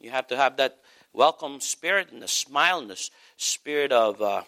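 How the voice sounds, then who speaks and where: A man's voice: medium pitch, lively intonation, normal speed, sharp tone. A middle-aged male pastor preaching a sermon, stressing points with emphatic repetition.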